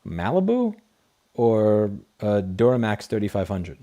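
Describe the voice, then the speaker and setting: A man's voice: fairly low pitch, sing-song, a little slow, mellow. A man hosting a casual late-night livestream, reading chat questions and answering in a blunt, profane, rambling way through a desk microphone.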